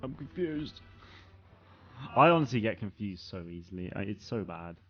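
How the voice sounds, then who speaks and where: A man's voice: fairly low pitch, very animated, normal speed, a bit bright, lo-fi sound, faint music behind. A young man hosting a live stream, chatting casually with viewers in a rambling way, full of fillers and restarts. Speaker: streamer and channel host. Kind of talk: casual live-stream chat reading comments.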